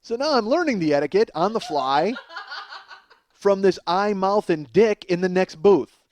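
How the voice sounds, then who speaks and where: A man's voice: sits high, moderate pace. A male comedian telling a long, profane story as a monologue, laughing as he goes. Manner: animated, profane, laughing mid-sentence. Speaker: comedian host.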